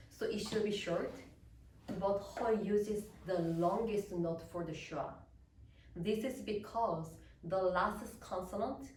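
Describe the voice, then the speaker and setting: A woman's voice: fairly low pitch, a little hiss or hum. A woman soprano, a native Korean speaker, giving a careful academic lecture in English and explaining each point step by step. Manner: deliberate, explanatory, reading prepared notes. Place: recital hall. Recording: roomy, echoey hall with distant mic.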